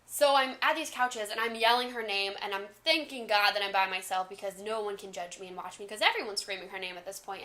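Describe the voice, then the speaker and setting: A woman in her twenties telling a storytime vlog, talking fast in an excited, gushing way. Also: on the high side. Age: 20s. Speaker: vlogger.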